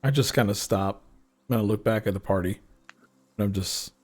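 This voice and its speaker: A man playing a tabletop game, describing his character's actions in a quiet, low-key way. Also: normal speed. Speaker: player.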